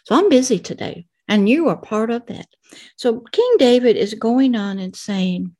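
A woman's voice: fairly high pitch, lively intonation, dark tone. A woman in her late sixties, a pastor, reading scripture verses and explaining them in an earnest sermon for children. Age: 60s. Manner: slow, earnest, reads verses then explains.

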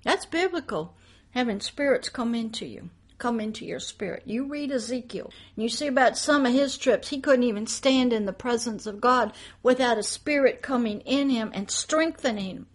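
Woman, pastor, high-pitched, preaching, emphatic, loud then hushed. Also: expressive, moderate pace. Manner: emphatic, swinging between loud declarations and hushed asides. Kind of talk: preaching monologue.

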